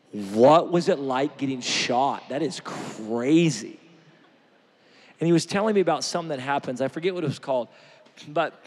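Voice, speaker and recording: A man preaching an energetic sermon, joking with the crowd and swinging from shouts to near-quiet. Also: mid-range voice. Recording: long hall reverb.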